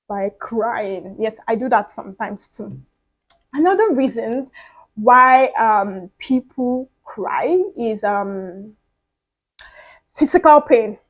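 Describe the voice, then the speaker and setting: A woman's voice: fairly high pitch, a little mellow, low-quality recording. A young woman hosting her own podcast, talking casually and earnestly to her audience, with frequent fillers and repeated words. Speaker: podcast host. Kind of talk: casual solo monologue.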